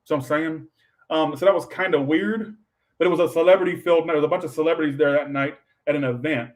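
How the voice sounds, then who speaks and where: Worn out tarot guy rambling on a live stream, kinda high voice, says all right a lot. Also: fast, low-quality recording. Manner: blunt, swears casually. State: tired, low on energy. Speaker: tarot reader. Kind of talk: casual livestream tarot reading.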